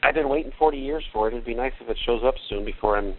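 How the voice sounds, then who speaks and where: A man's voice: mid-range voice, racing. A man on a group coaching call, speaking in a rueful, self-deprecating way. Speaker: caller. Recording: phone-like line, off-mic.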